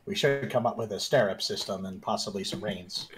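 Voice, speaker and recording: A man's voice: fairly low pitch, a little fast. A man playing a tabletop role-playing game, rambling and fumbling comically as he talks for his character. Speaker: player. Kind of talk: tabletop role-play chat.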